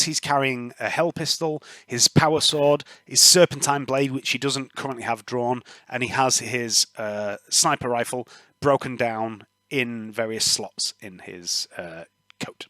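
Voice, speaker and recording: A man, narrating a tabletop game as game master, relaxed and trailing off with ums. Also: medium pitch, a little slow, no room sound.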